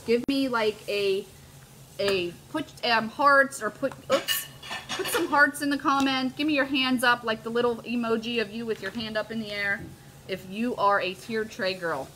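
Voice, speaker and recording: A woman's voice: a little high, sharp tone, slight background noise. A middle-aged woman hosting a live crafting demo, bubbly and gushing as she chats with her viewers. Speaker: host of a live crafting stream.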